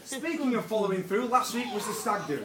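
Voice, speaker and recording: A man's voice: high voice, lively intonation, fairly quick, very noisy. Young man giving a joking best man speech. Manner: joking, a little nervous. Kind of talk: wedding speech. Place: wedding reception room with guests. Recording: roomy hall from far off, loud crowd.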